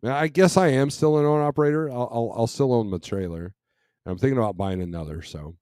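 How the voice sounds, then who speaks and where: A man's voice: mid-range voice, fast talker, a little mellow, clean tone, dry recording, studio quality. A middle-aged man hosting a trucking live stream, reading and answering chat in a casual, rambling way with many restarts and fillers.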